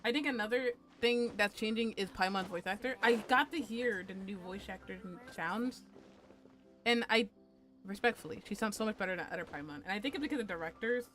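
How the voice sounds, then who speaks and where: A woman's voice: medium pitch, a little fast, fairly bright tone, soft background music. A woman streaming a game, chatting casually with crude, playful jokes and talking to herself. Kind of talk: casual gaming commentary.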